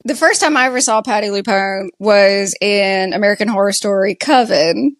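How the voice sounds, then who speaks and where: Recapping a TV show on a relaxed podcast she co-hosts, this Southern-accented woman speaks slowly and conversationally, dropping "like" constantly. Her voice is medium in pitch and the recording is dry.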